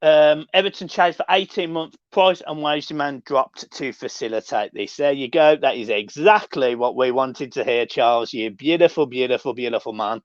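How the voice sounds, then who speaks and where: A man hosting a casual live stream, reading and answering chat with sweary, excitable banter. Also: on the high side, normal speed, few pauses, no echo. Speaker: livestream host reading chat. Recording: dull lo-fi dry sound.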